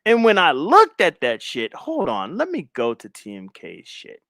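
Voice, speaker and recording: A man's voice: a little high, huge pitch swings, unhurried, creaky, fairly bright tone, no room sound, studio quality. A man hosting a casual live stream, talking loosely in slang and repeating his phrases while he shares his screen. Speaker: live stream commentary host.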